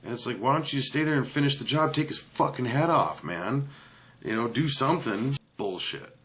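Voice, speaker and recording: A man's voice: mid-range voice, expressive, normal speed, a bit bright. A man giving a casual, ranting movie review, blunt and profane, with many filler words.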